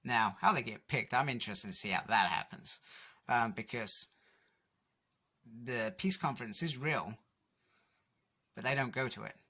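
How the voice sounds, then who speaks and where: Bright-voiced man rambling through a comic recap. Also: mid-range voice, a little slow, long pauses. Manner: rambling, filler-heavy retelling with "anyway". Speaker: comic book reviewer.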